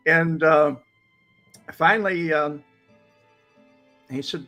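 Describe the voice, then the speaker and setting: A man's voice: fairly high pitch, a little slow, long pauses, bright, forceful tone, faint music behind. An older man, a guest on a casual livestream, tells a rambling anecdote with many fillers and acts out the lines of the people in it. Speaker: guest storyteller.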